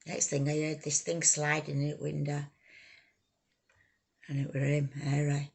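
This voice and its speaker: A woman telling her own life story, halting, raw and emotional, swearing freely. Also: sits low, little pitch movement, creaky, husky. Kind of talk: personal life story told to camera.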